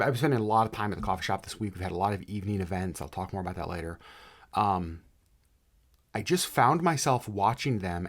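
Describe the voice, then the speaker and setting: A man co-hosting a casual podcast, telling stories in a rambling, animated way with many restarts. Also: lowish voice. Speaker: podcast co-host. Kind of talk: casual chat. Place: home podcast setup in Alaska.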